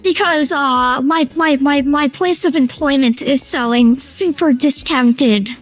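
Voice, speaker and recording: A man streaming a game through a feminine voice changer, chatting excitably with his chat, squealing and giggling. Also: extremely high pitch, measured pace, voice pushed up. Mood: playful. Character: high feminine streamer voice, playful. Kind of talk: casual live-stream chat while gaming.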